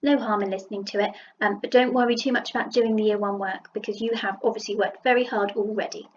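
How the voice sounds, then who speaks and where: Southern English teacher sounding out letters. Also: female voice, mid-range voice, steady tone, dull audio, a little hiss or hum. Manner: sounds out letters slowly and praises warmly. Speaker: primary school teacher. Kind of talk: recorded phonics lesson for young children. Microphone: computer mic while writing with a mouse.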